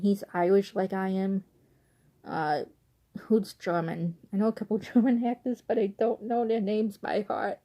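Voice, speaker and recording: Mellow-voiced woman with an Illinois accent. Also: medium pitch. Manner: rambling, chatty, giggly asides. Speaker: vlogger. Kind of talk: casual accent-tag vlog.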